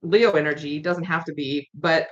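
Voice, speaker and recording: A woman's voice: deep voice, steady tone, moderate pace. A woman giving a chatty live-streamed tarot reading, repeating her points and reading viewer comments aloud. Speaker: tarot reader. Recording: dull lo-fi stream audio.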